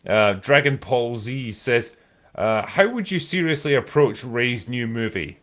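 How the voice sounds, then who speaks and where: A man's voice: mid-range voice, animated, unhurried, fairly bright tone. A Scottish man hosting a podcast, reading out viewer questions in a laid-back, casual way and swearing freely. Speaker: podcast host.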